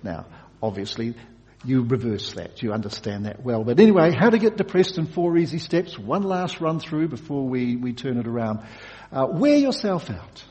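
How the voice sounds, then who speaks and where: A male pastor delivers a sermon with a lively, animated pitch that rises for emphasis and drops almost to a hush. His voice rings out with a long reverb from a large hall. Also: moderate pace. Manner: expressive, shifts from loud emphasis to hushed.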